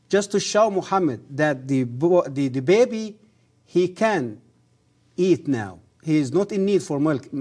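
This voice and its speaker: Man, middle-aged, earnest, halting grammar, fairly high voice, mellow tone, religious TV guest. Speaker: guest, former professor. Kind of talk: religious TV interview.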